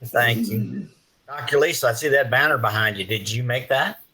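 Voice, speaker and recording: A man's voice: medium pitch, normal speed, breathy edge, low-quality recording. A man hosting a live video call, chatting casually and telling teasing stories about his guests. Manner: lively storyteller who teases guests. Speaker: livestream host.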